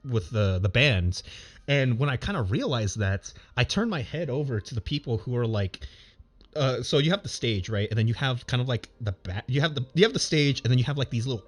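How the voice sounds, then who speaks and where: A man's voice: mid-range voice, fairly bright tone. Rambling man telling a story. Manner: rambling, many fillers and restarts, laughs while telling. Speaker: streamer. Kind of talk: casual storytelling.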